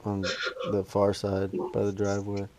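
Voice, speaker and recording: Gravelly low-voiced man chatting casually. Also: monotone, moderate pace, dark tone. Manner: easygoing, profane. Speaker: podcast co-host. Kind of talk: casual chat.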